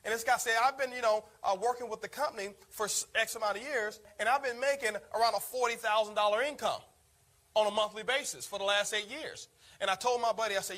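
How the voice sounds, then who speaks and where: Telling his story with energy, a male network marketing speaker talks rapidly in a high, bright, forceful voice with fairly even intonation. It's a motivational talk, and he keeps addressing listeners as "guys."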